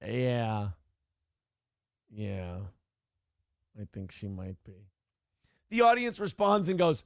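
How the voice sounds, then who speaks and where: A man's voice: medium pitch, very animated, slow, long pauses, dry recording, studio quality. A middle-aged man hosting a livestream, talking candidly and rambling, reading viewer messages aloud. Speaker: streamer host. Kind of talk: casual livestream chat.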